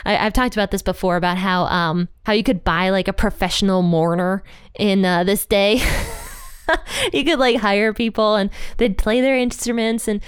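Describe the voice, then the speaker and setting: A woman's voice: mid-range voice, fairly even intonation, moderate pace, clear, resonant tone, no echo, clean studio sound. A woman giving a casual, chatty Bible commentary. She fills her talk with "like" and "you know" and laughs at parts of the story. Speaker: Bible teacher.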